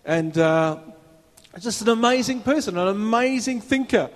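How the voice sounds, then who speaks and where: A man's voice: high-pitched, lively intonation, a little slow. A man preaching a sermon as a minister, in a conversational way with rhetorical questions, recorded in a church hall. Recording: reverberant hall.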